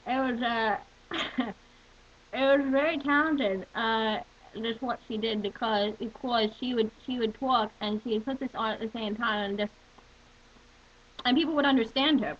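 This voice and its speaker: Woman rambling at her webcam, kinda high voice, lots of restarts, dull lo-fi sound. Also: a little slow, long pauses. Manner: rambling, full of fillers and restarts, clears throat often. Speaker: video blogger. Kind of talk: casual webcam monologue. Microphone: webcam microphone. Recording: muffled webcam audio with faint hiss.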